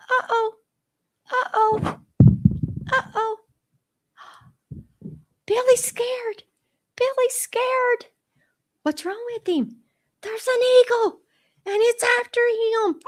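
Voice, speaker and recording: A woman voicing a timid, excitable young princess girl on a children's radio show, breathless and gushing. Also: extremely high pitch, drawn-out words, pauses often, pitched above the performer's own voice, exaggerated voice. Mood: frightened. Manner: breathless and gushing, squeals with emotion.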